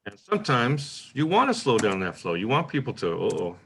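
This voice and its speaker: A man hosting a poetry workshop, giving a relaxed, informal lecture and reading the same example line aloud in different ways. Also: mid-range voice, a little fast, gravelly, a little hiss or hum. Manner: relaxed, thinking aloud with frequent "uh" and "right?".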